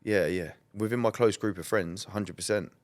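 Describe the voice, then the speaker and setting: A man's voice: fairly low pitch, normal speed. A man, a podcast guest, talking candidly and bluntly in a rambling, conversational way full of "like" and "um". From England. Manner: rambling, many "like" and "um" fillers, blunt and swearing.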